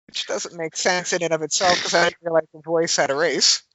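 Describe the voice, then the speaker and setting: A man's voice: on the high side, fairly even intonation, a little fast, pushed and bright, no room sound. A man co-hosting a podcast in casual chat, arguing his point and laughing often. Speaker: podcast co-host. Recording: dull, dry lo-fi audio.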